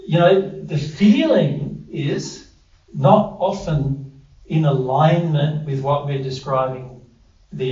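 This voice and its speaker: A man's voice: mid-range voice, mellow. A man leading a group workshop, quizzing his listeners in a chatty way with self-deprecating asides. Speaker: workshop presenter. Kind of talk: interactive group teaching. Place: indoor room with a group. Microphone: distant room mic. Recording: roomy, distant, dull lo-fi audio.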